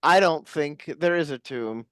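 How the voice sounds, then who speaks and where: A comedy podcast co-host chatting in a deadpan, rambling way full of tangents. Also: medium pitch, a little slow, clear, resonant tone, dry recording. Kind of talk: casual comedic chat.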